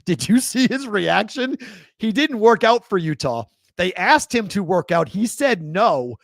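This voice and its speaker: A man's voice: sits high, measured pace, vocal fry, dry recording, clean studio sound. A man with a Boston accent hosting a live sports talk show, ranting in disbelief and laughing as he talks. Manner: incredulous, animated ranting with laughs. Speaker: host.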